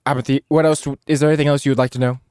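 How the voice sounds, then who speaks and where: A man's voice: medium pitch, flat delivery, racing, a little mellow, smooth, no echo, studio quality. A man playing a tabletop game, hurriedly describing what his character does. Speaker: player. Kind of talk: tabletop game play, casual.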